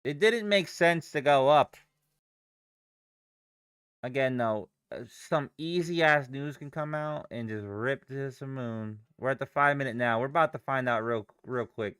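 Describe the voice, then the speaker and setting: Young man, trading streamer, swears freely, clear smooth voice, dry close mic. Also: mid-range voice, a little slow, fairly bright tone, no room sound. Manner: profane, rambling, reacts to chat and charts. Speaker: livestream day trader. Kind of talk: casual live-stream chat.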